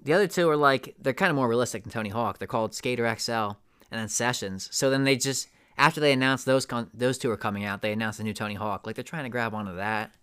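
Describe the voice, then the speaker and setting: A young man co-hosting a podcast in loose, laid-back chat, dropping casual swears. His voice is smooth and clear at a middle pitch. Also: quick pace, fairly bright tone. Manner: laid-back, swears, says dude a lot. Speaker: podcast co-host.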